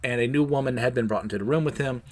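A man's voice: mid-range voice, rapid-fire, darkish tone. Rambling man reviewing comics live. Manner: rambling, laughs at himself, many fillers. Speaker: host of a comics review show. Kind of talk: casual review chat, recounting a comic.

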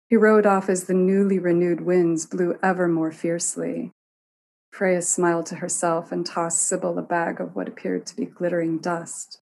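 A woman reads a story aloud with expressive, measured narration. Her voice sits on the low side, and a faint hiss stays under the recording. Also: vocal fry.

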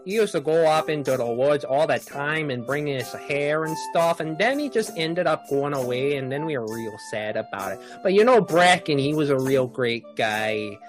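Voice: mid-range voice, animated, moderate pace, hardly any pauses, over music, natural voice. A game master voicing a male fisherman villager who drawls, rambles and loses his train of thought in a tabletop game. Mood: folksy.

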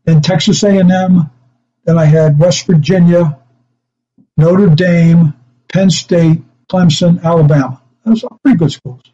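A man's voice: a little high, steady tone, unhurried, warm tone, highs cut off. An older man, a former coach, telling rambling stories in a casual interview, with chuckles and self-interruptions. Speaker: guest, former special teams coach.

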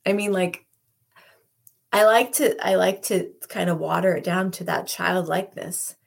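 A woman giving a devotional talk and leading a prayer, slow and soft, often dropping into a whisper. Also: lowish voice, creaky, breathy edge. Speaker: podcast host.

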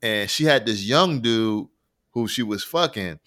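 A man's voice: on the low side, lively intonation, a little slow, a bit bright. A man co-hosting a podcast, telling long stories in a rambling, slangy, profane way. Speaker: podcast co-host. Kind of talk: casual podcast chat.

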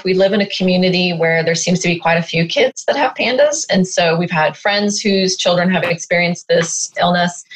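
A woman in her thirties, a mother, telling her family's story in an interview, animated and emotional. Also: medium pitch, poor audio. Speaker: guest, mother.

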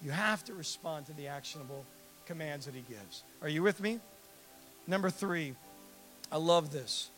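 A man preaching a sermon as pastor, animated, acting out dialogue and asking the congregation direct questions. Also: fairly high pitch, moderate pace, long pauses, faint music behind.

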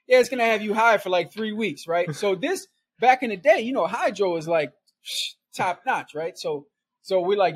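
A middle-aged man, guesting on a podcast, rambles through a long story in easy conversation, with plenty of laughter and a habit of adding "right?" and "man." His voice sits high and is animated, at normal speed, with a breathy edge.

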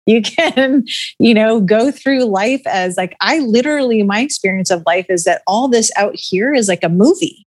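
A woman's voice: fairly high pitch, expressive, normal speed. A middle-aged woman talking casually as a guest, chatty and laughing often, full of filler words. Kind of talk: casual podcast conversation.

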